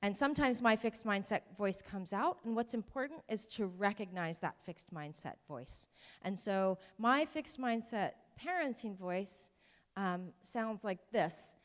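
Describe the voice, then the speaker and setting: A woman's voice: mid-range voice, animated, a little slow. A woman giving an informal talk to parents, conversational, with ums and self-deprecating asides. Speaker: presenter at a parent workshop. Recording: long hall reverb.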